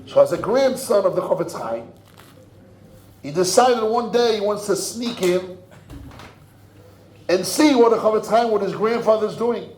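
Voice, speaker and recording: An older man, a rabbi telling a story in a sermon. He acts out the voices, swinging from hushed murmurs to loud cries. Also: high-pitched, lively intonation, measured pace, long pauses. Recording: echoey room.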